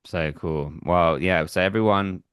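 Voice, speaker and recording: A man's voice: sits low, unhurried, clean tone, dry recording, clean studio sound. A man hosting a podcast interview, talking casually and eagerly like a fan. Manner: enthusiastic, fan-like. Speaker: podcast host.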